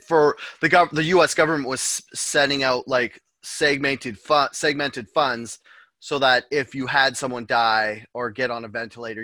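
Bright dry-voiced man chatting casually. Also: medium pitch, no room sound. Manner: rambling, loose and joking. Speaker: podcast co-host. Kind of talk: casual chat.

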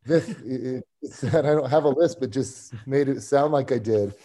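A man's voice: medium pitch, moderate pace, mellow. A man, a strength coach and podcast guest, recounting his career in an easygoing, rambling way, chuckling often. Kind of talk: casual interview storytelling.

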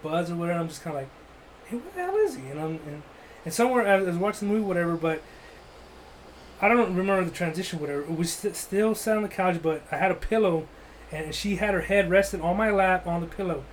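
A man's voice: high-pitched, fast talker, slight background noise, poor audio. A man telling a rambling, crude, joking story in casual chat, full of "like" and restarts.

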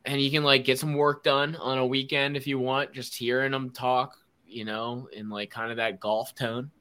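A podcast host chatting casually, telling animated stories and mimicking people's voices. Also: male voice, mid-range voice, normal speed, clear, resonant tone. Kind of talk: casual chat.

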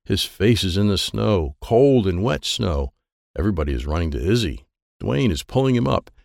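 A man narrates a children's storybook in simple, childlike first-person sentences. His voice sits low with a gravelly grain and very wide swings in pitch. The recording is close and dry. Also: big pitch swings, normal speed, darkish tone, no echo. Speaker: audiobook narrator.

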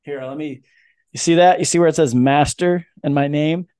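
A man's voice: on the high side, fairly even intonation, moderate pace, darkish tone, clean tone. A man hosting a podcast in casual chat, joking and ranting with lots of swearing. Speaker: podcast host.

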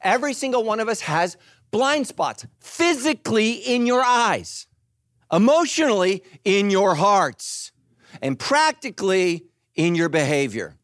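A middle-aged man preaching a sermon, animated and joking, acting out quoted voices. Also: high voice, unhurried, dry recording, clean studio sound. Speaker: pastor.

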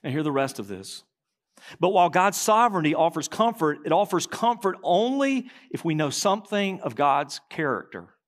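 A man preaching a sermon as pastor, reading quotations aloud, slowing and dropping low at key lines. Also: big pitch swings.

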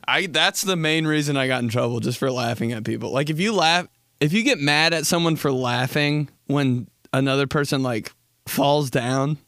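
A man's voice: medium pitch, moderate pace, a bit bright, no echo, studio quality. A man hosting a podcast who tells rambling comic stories in crude, casual talk and laughs often. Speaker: podcast host. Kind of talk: comedic storytelling chat.

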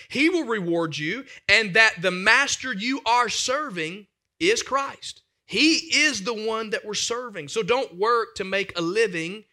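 A man in his thirties, a pastor preaching an animated, emphatic sermon full of family stories. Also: high-pitched.

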